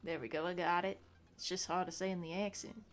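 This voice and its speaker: A woman's voice: lowish voice, fairly even intonation, fairly quick, faint music behind. Giggly woman gamer chatting. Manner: giggly, self-mocking. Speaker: gaming streamer. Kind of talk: casual game commentary.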